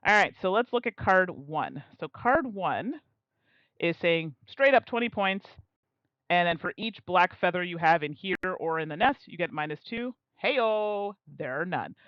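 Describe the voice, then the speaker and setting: A young woman streams a solo board game, thinking aloud in a chatty, self-mocking way and laughing often. Her pitch swings widely from line to line. The sound is dry and a little dull, from a desk mic. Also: lively intonation, normal speed, no room sound. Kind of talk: casual live-stream commentary.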